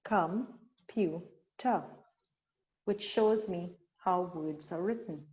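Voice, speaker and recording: A woman from Trinidad and Tobago presents a teacher-training webinar. Her pace is slow and measured, and she stretches each syllable when she models words. Her pitch sits in an ordinary middle range. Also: animated, a little mellow. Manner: slow, deliberate, sounds out syllables. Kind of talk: instructional webinar talk.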